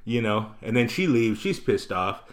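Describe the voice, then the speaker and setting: A man, a comedian, telling an animated, profane story in casual chat and acting out the people in it. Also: fairly low pitch, normal speed. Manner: animated, profane, acts out voices in anecdotes.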